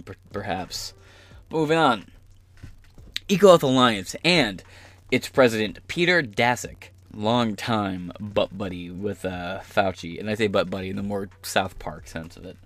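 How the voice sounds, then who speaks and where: A man's voice: on the low side, a bit bright, no echo. A man hosting a political commentary podcast, ranting in a profane, sarcastic, rambling way. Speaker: podcast host.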